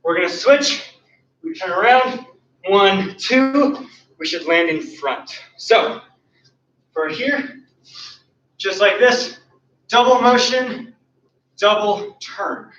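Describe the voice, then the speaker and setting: A man's voice: high voice, expressive, slow pace, long pauses, a bit bright. A man teaching an online martial arts class, cueing and counting kicks as he demonstrates them, out of breath. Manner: counts and cues moves while demonstrating kicks. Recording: roomy, distant, dull sound.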